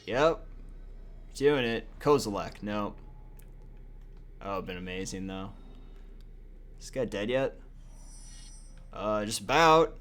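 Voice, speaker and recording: A man's voice: fairly low pitch, animated, slow pace, pauses often, fairly bright tone. A young man giving casual, profane, sarcastic commentary on a card game he is playing, often muttering to himself. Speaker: gaming video host.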